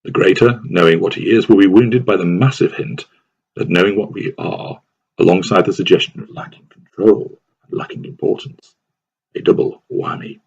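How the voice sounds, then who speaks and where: A man reads a scripted advice text in a slow, deliberate manner. His voice is very low and gravelly, with a husky edge. The recording sounds dull and lo-fi. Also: darkish tone.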